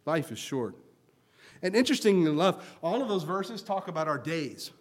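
A man in his thirties preaching in a relaxed, conversational way with a fairly high voice. He jokes and tells small anecdotes between readings of scripture. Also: moderate pace. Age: 30s. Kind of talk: conversational sermon.

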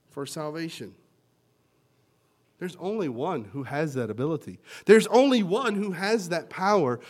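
A male pastor preaching a sermon, swinging from loud emphatic lines to quiet ones as he explains and quotes scripture. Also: sits high. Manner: teaching word meanings and quoting scripture.

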